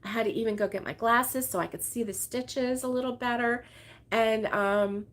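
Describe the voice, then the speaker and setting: A woman's voice: a little high, normal speed. A woman hosting a casual crochet livestream from home, rambling and chatting with viewers and laughing often. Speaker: crochet channel host. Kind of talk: casual livestream chat reading viewer comments. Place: her home, with dogs around.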